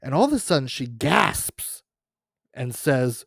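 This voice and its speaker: A man hosting his own podcast, telling a comic high school story in a rambling, profane way with many fillers and restarts. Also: big pitch swings, a little slow, vocal fry, a bit bright, no room sound, studio quality. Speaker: podcast host.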